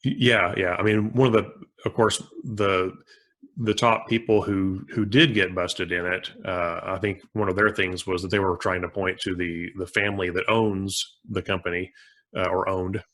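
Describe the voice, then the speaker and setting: A man being interviewed as a forensic accountant, answering casually with frequent pauses and restarts. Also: deep voice, level tone, fairly bright tone. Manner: hesitant, many restarts and "uh"s.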